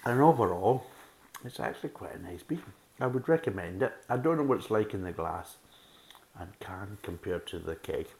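A man's voice: low-pitched, lively intonation, normal speed, creaky, a little mellow, rough recording. A man reviewing beer in a casual, blunt, rambling way, repeating himself often. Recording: faint background hiss.

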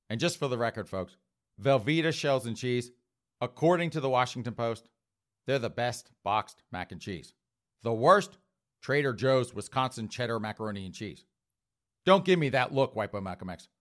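A man's voice: mid-range voice, a bit bright. A middle-aged man hosting an opinion talk show, ranting in a sarcastic, mocking tone. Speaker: host.

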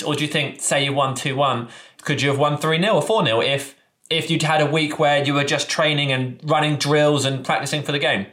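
A man's voice: a little high, a bit bright, echoey room. A man hosting a podcast, asking a guest thoughtful questions that he rephrases as he goes. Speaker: podcast host. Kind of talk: interview questions.

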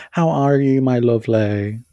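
A man's voice: medium pitch, slow, warm tone, dry recording. A man co-hosting a podcast in casual chat, playful and cheeky with big swings in tone. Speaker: podcast co-host.

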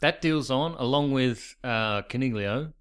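A man's voice: mid-range voice, expressive, moderate pace, a bit bright. An Australian man co-hosting a podcast in casual chat, with a wry, dry sense of humour. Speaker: podcast co-host.

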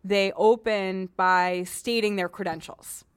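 A woman's voice: medium pitch, fairly even intonation, takes it slowly, clean tone, no room sound. Frank, chatty woman podcast host. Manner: chatty, frank and joking, many restarts. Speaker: podcast host, cleaning advice columnist. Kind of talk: casual podcast chat.

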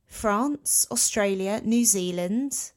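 A woman's voice: medium pitch, slow pace. A woman co-hosting a podcast in casual chat, rambling and self-mocking. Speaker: podcast co-host.

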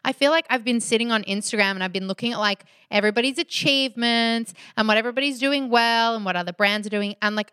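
A woman's voice: fairly high pitch, fairly bright tone, smooth, no echo, studio quality. A woman in casual conversation, openly and earnestly admitting her own feelings. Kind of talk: casual confessional chat.

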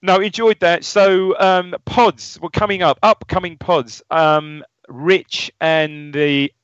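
A man's voice: high voice, steady tone, slow pace, fairly bright tone, clean tone, dry recording. A man co-hosting a casual football podcast, chatty and rambling with frequent laughs. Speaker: podcast co-host. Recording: dull lo-fi audio, dry.

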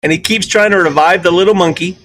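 A man's voice: sits high, fast, a bit bright, slight background noise. A man in his fifties with a Southern US accent hosting an opinionated talk radio show, asking rhetorical questions and pushing his voice up on key points. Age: 50s.

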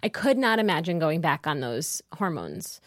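A woman's voice: deep voice, sing-song, normal speed, dry recording, clean studio sound. Candid, chatty woman in her twenties. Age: 20s. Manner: open, chatty, uses filler "like". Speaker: podcast host as guest. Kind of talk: candid personal storytelling.

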